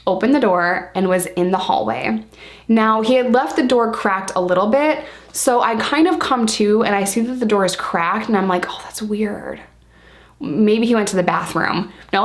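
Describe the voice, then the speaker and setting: A woman vlogger telling a personal story to the camera in a casual, blunt way, swearing freely and often calling the viewers "you guys.". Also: mid-range voice. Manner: lively, speeds up and slows down for emphasis.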